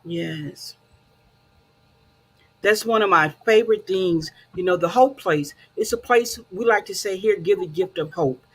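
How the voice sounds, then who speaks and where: A woman's voice: lowish voice, measured pace, husky. A woman hosting a casual talk show, encouraging and conversational, with frequent fillers.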